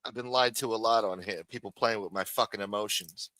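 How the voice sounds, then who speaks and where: A man hosts a live show and rants with profanity and sarcasm. His voice is bright and forceful. The sound is dry and close. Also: lowish voice, brisk, no room sound. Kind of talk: profane live-stream rant.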